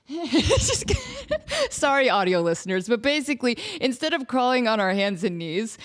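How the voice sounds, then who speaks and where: A woman podcast host telling a comedic story, self-deprecating and acting out quotes in an animated way. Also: a little high, moderate pace. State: out of breath.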